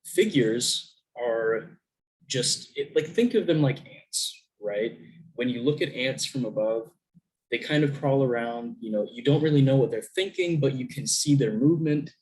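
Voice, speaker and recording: A man's voice: mid-range voice, expressive, unhurried, a little mellow, poor audio. A young man giving a recorded virtual lesson in a casual way, with lots of ums, restarts and questions to the class. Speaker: student teacher.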